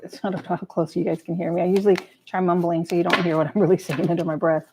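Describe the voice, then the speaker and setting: A woman reading tarot on a livestream in a loose, chatty way, swearing freely and muttering half to herself. Her mid-pitched voice has some gravelly fry in it. There is a faint hiss in the background. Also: level tone, fast, darkish tone, rough recording. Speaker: tarot reader. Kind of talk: live tarot reading, casual chat. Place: home table with a cat nearby.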